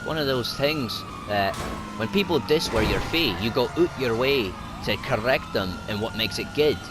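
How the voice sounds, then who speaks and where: The young man is a gaming YouTuber from Scotland with a Scottish accent and an expressive, mid-range voice at a moderate pace, recorded against a noisy background. He swears, gets rowdy and hollers at the game while commentating on his gameplay.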